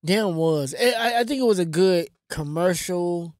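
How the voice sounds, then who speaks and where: A man co-hosting a casual podcast, relaxed and mostly giving short replies. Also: high voice, measured pace, no room sound, studio quality. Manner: relaxed, brief agreeing replies. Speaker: co-host. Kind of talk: casual chat.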